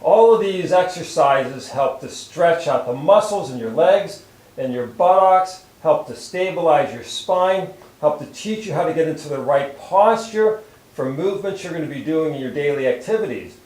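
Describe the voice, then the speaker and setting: A chiropractor calmly talking through posture stretches step by step while he demonstrates them. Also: a little high, normal speed, echoey room, poor audio. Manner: calm, steady step-by-step instruction while moving. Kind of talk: instructional exercise demonstration.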